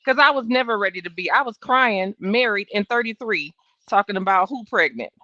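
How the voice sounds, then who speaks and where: A woman's voice: medium pitch, animated, fairly quick, bright, forceful tone, no room sound. Blunt, sassy woman streaming trial commentary. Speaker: livestream trial-watch host. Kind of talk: casual live commentary. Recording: dull, dry home stream audio.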